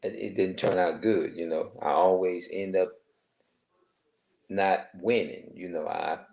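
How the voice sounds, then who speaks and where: A man in his forties talking to camera in a rambling personal monologue, halting and restarting often. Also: low voice, steady tone, darkish tone. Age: 40s. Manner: halting, many restarts and filler phrases. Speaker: vlogger.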